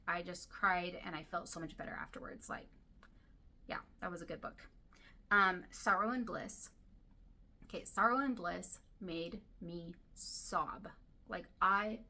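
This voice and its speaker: Gushing to camera about her favorite books, a woman talks casually in a lowish voice with vocal fry, sometimes sinking into a soft whisper. She is a book vlogger, and her throat comes across dry and irritated.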